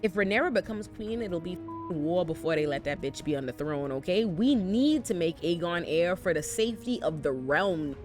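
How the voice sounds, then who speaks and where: A woman's voice: lowish voice, lively intonation, moderate pace, hardly any pauses, music in the background, lightly acted. A woman doing a blunt, scolding old advisor. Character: older male royal advisor, blunt and scolding.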